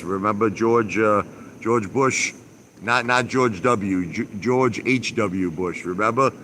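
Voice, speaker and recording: A man's voice: on the low side, a little slow, pushed and bright, slight background noise. A man live-streaming from his backyard by a pool, ranting casually, repeating himself with emphasis and mild swearing. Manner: repetitive, emphatic, mildly profane.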